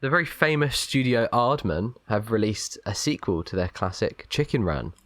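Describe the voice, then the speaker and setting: A man's voice: fairly low pitch, expressive, normal speed, fairly bright tone. A man co-hosting a film podcast, teasing and laughing often in casual chat. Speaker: podcast co-host.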